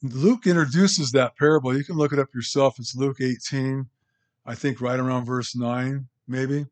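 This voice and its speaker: A man's voice: medium pitch, fairly even intonation, moderate pace. Conversational man preaching a sermon. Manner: conversational, rambling with restarts. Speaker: pastor.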